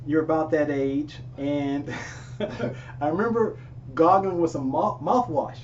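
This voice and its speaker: A man's voice: fairly high pitch, takes it slowly, distant mic, highs cut off, a little hiss or hum. A man interviewing his grown son, often laughing as he tells stories and acts out voices in quotes. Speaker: interviewer and father. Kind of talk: unscripted conversation.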